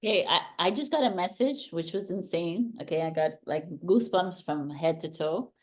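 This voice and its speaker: Low-voiced woman giving spiritual guidance. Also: moderate pace. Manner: earnest, emphatic, passes on intuitive messages. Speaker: tarot reader host. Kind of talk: casual spiritual chat.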